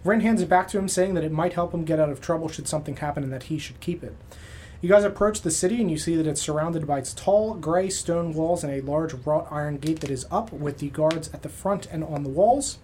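A man's voice: a little high, brisk, a little mellow, a little hiss or hum. A man acting as game master, recapping the last session casually with many filler sounds.

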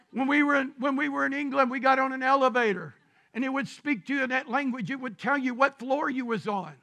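A man preaching a sermon as pastor, shouting his points and drawing out scripture verses slowly. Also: extremely high pitch, vocal fry. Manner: preaching with shouted emphasis and drawn-out scripture reading.

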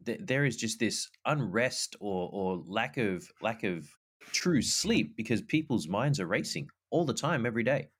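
A man with an Australian accent co-hosting a Christian podcast in easygoing chat, upbeat and quick to laugh. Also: on the low side, expressive, slightly rough. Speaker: podcast co-host. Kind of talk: casual faith podcast chat.

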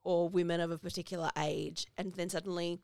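A woman's voice: lowish voice, little pitch movement, brisk, creaky, darkish tone, no room sound, studio quality. A woman co-hosting a podcast, chatting casually as she recaps a film's plot. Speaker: podcast co-host. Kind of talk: casual movie discussion.

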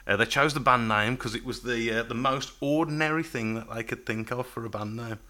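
A man hosting a casual music podcast, chatty and quick to laugh, reading notes aloud. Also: medium pitch, pushed and bright. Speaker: podcast host.

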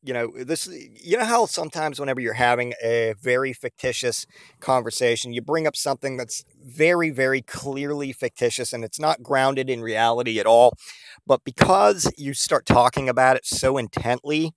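A man's voice: medium pitch, moderate pace, no echo, clean studio sound. A man hosting a podcast, telling a comedic story in a rambling, profane way full of fillers. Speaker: podcast host.

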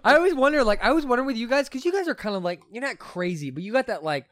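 A man's voice: very high voice, rapid-fire, no room sound, clean studio sound. A young man in casual chat, telling stories animatedly with plenty of fillers. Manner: animated storyteller, lots of fillers.

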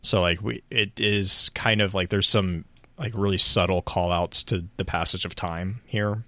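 A man's voice: sits low, fairly even intonation, measured pace, pushed and bright, no echo. A man co-host chatting casually, laughing often, and reading a story aloud. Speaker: podcast co-host.

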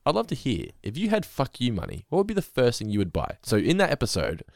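A man's voice: mid-range voice, huge pitch swings, quick pace, creaky, a little mellow, dry recording, studio quality. A man hosting a podcast, casually chatting and recapping an episode with frequent laughs. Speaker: podcast co-host.

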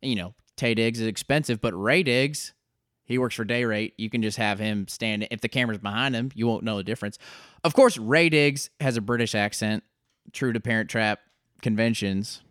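A man co-hosting an improvised comedy podcast, calmly building the joke in a matter-of-fact way. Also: lowish voice, normal speed, no echo, studio quality.

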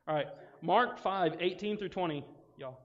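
A man gives a casual, animated youth sermon, acting out the voices of friends and Bible characters. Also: high-pitched, moderate pace. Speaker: youth pastor. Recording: dull sound with long reverb in a hall.

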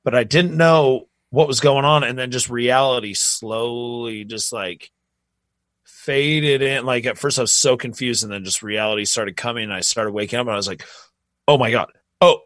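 A young man in casual podcast chat, rambling through a tour story in a loose, easygoing way. His voice sits at an ordinary middle pitch. The sound is close and dry, with no room around it. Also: moderate pace, a bit bright, no echo. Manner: laid-back, rambling with many fillers. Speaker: podcast co-host.

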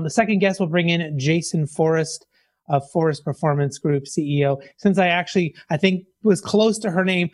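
A man's voice: fairly high pitch, darkish tone, no echo. A man hosting a podcast, chatting casually and joking about himself as he introduces the show and his guest. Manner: chatty, self-deprecating, filler-heavy. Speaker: podcast host.

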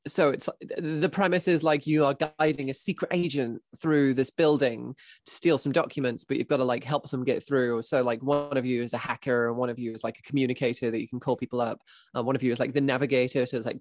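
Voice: medium pitch, fairly even intonation, quick pace, no room sound, studio quality. Chatty voice actor on a video call. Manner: rambling, laughing, many fillers. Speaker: voice actor and guest. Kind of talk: casual chat.

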